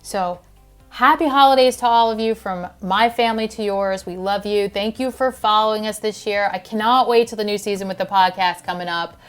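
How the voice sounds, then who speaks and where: A woman's voice: mid-range voice, fairly quick, clean tone. Earnest woman health-podcast host with a mid-range voice, casual monologue, faint music behind. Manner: earnest, heartfelt, with filler words and restarts.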